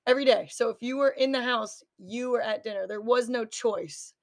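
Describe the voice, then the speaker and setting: A young woman co-hosting a podcast, relaxed and laughing easily as she reminisces. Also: on the high side, brisk. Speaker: podcast co-host. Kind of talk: casual chat.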